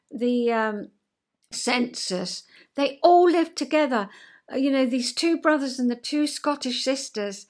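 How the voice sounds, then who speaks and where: An English woman in her sixties with a Southern English accent talks to camera from home in a chatty, rambling way. She fills her talk with asides and little fillers, and her voice sits a touch higher than most women's. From South East England. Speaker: vlog host. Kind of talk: chatty solo vlog. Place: at home, indoors.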